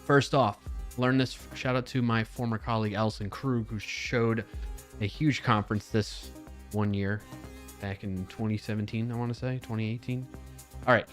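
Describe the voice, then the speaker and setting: A man hosting a live stream in a casual, upbeat chat, a little low on energy, leading viewers through stretches. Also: steady tone, normal speed, soft background music. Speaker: livestream host.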